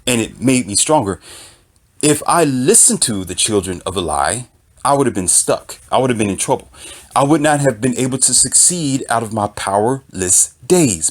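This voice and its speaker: Male commentator, mid-pitched, animated intonation, repeats key phrases like a sermon. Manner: emphatic, repetitive, preaching tone. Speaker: author and commentator. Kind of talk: impassioned opinion monologue.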